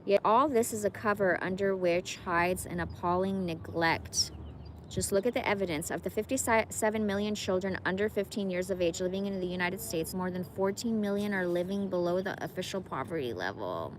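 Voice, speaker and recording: A woman reading a text aloud, in an earnest, deliberate way with small stumbles. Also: fairly low pitch. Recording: noisy background with vehicle sound.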